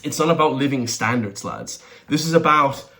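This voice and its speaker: An Irish man hosts a reaction video with a voice of middling pitch. His commentary is heated and ranting, and he keeps turning to his viewers to call them lads. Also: expressive, moderate pace, a bit bright. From Ireland. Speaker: host.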